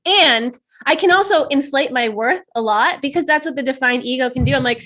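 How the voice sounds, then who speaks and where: Woman, high-pitched, casual chat, animated, laughs a lot, acts out quotes. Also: fairly quick, hardly any pauses. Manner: laughs often, swears casually. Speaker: podcast co-host.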